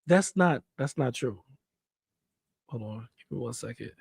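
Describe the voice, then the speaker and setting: A man's voice: mid-range voice, lively intonation, measured pace, vocal fry, a little mellow, slightly rough, no echo. A man ranting in heated commentary, repeating himself, swearing and trash-talking, recorded close on a desk mic indoors. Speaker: commentary streamer.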